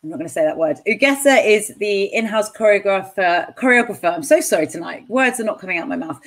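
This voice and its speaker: A woman's voice: mid-range voice, expressive, fast. A woman co-hosting a live online dance show, bubbly and playful, laughing often as she chats. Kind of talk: casual live-stream hosting.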